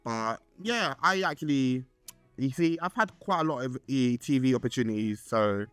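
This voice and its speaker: A man's voice: normal speed, clean tone, no room sound, soft background music. Chatty young man, dry sound. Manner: rambling and chatty, full of fillers and restarts; excitable, with swoops up in pitch. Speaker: podcast host. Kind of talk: casual solo podcast chat.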